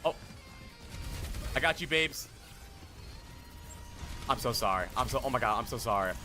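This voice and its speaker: A man streaming a game, talking casually and excitedly to his chat, joking and swearing as he plays. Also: mid-range voice, normal speed, faint music behind. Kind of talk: casual gaming livestream chat.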